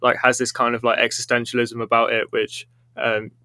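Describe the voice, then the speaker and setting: A young man chatting as a podcast guest, relaxed and rambling with lots of fillers. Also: mid-range voice, fairly quick, no echo. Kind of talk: casual podcast chat.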